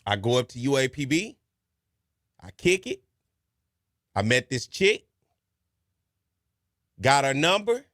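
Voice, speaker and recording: A man's voice: medium pitch, big pitch swings, slow, long pauses, fairly bright tone, no echo. Man, podcast host, folksy, urging, dry close sound. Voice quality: colloquial, folksy and exhortative, repeats advice for emphasis. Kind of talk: casual advice monologue and storytelling.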